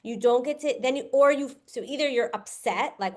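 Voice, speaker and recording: A woman's voice: high-pitched, a little fast. A woman hosting a podcast, talking earnestly in a casual advice style and acting out quoted lines as she explains. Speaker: podcast host.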